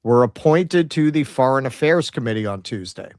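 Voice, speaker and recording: Man, sarcastic political commentary, mid pitch, dry close sound. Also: expressive, moderate pace, darkish tone, dry recording. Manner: sarcastic, reads out poll numbers and quotes, mocking asides. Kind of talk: casual political commentary stream.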